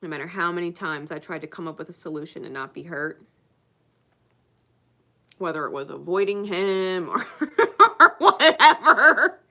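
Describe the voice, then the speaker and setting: A woman's voice: low-pitched, moderate pace, long pauses, fairly bright tone. A woman giving a casual spiritual reading to her viewers, emphatic, swearing constantly and laughing often. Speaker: spiritual card reader. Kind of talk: casual unscripted monologue to viewers.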